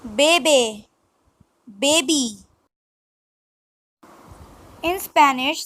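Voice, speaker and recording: Woman, language lesson, measured word-by-word reading, dry sound. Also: high voice, a bit bright, no echo, rough recording. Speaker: language teacher. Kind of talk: scripted vocabulary lesson.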